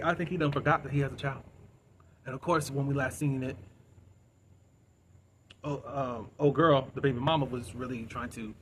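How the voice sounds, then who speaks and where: Male channel host, casual recap delivery, middle pitch, slight background noise. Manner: chatty, retells scenes with "da, da, da" and quick asides.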